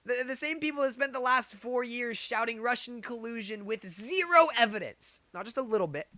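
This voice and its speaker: A man's voice: very high voice, animated, moderate pace, pushed and bright, dry recording. A man giving opinionated political commentary, getting heated, firing off rhetorical questions and repeating his points. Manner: heated, gets worked up.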